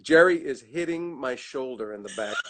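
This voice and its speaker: A middle-aged man telling animated stories in a casual chat over a video call, laughing often. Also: mid-range voice, heavy background noise. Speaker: guest actor. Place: at home.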